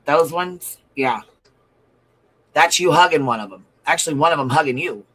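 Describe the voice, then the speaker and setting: Reading viewer comments aloud on his commentary livestream, a man speaks at a moderate pace in a fairly high, animated, bright and forceful voice. He's blunt and profane and hammers his points through repetition. The recording quality is low.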